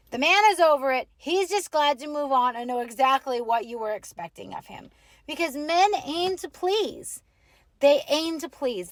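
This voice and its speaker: Married lady host, opinionated advice chat, high voice, dry mic. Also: dry recording. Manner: opinionated, animated, acts out quotes. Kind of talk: casual advice monologue.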